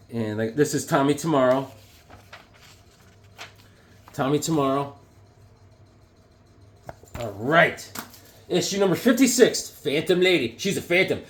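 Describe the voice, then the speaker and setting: Excited man showing off comics. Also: on the high side. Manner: enthusiastic, rambling, chuckling. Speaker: comic book collector showing his collection. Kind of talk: casual show-and-tell chat.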